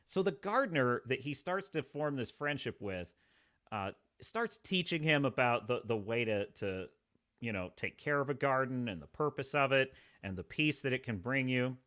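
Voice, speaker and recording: A man's voice: medium pitch, normal speed. A man hosting a live review, casually retelling episodes and acting out the characters' lines. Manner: animated storytelling, acts out characters' lines. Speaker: host.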